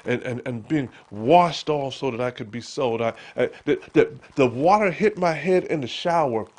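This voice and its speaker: A middle-aged male pastor preaching a sermon, full of stammered restarts, building to emphatic peaks and dropping to a hushed voice for scripture. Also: medium pitch, expressive. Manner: quotes scripture in a hushed, slow whisper.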